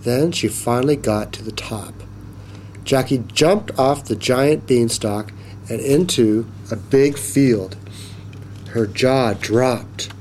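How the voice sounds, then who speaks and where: A man reads a children's story aloud at an unhurried pace, leaning into each line with expression. His voice sits mid-range. A faint hum of room noise sits under him. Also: medium pitch. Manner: slow, expressive, animated reading.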